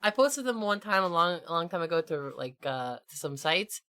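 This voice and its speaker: A woman's voice: lowish voice, sing-song, normal speed, a bit bright. A woman co-hosting a gaming podcast, chatting casually and enthusiastically, full of "like" fillers. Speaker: podcast co-host and game master. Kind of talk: casual chat.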